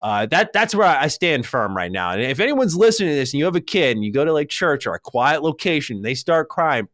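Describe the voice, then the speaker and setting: A young adult man co-hosts a podcast, ranting and telling stories in casual chat while swearing freely and staying animated throughout. His voice is on the high side and brisk, captured in a dry, clean studio recording.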